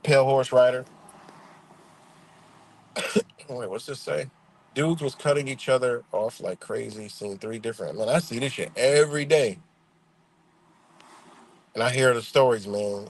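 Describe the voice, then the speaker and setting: A man hosting a live stream, ranting bluntly in profane street talk and greeting viewers in the chat. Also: medium pitch. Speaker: livestream host. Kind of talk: casual live-stream rant.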